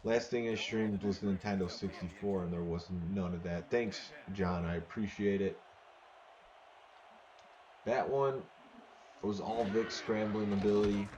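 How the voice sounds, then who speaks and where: A man's voice: lowish voice, unhurried, pauses often, lo-fi sound, crowd noise. A man live-streaming a football video game, chatting casually with viewers and rambling through repeated words.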